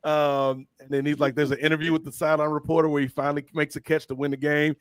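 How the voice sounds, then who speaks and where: Casting: slangy male podcast host, fairly high voice, dry close sound, animated storyteller. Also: fast, smooth, no room sound. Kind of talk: casual chat.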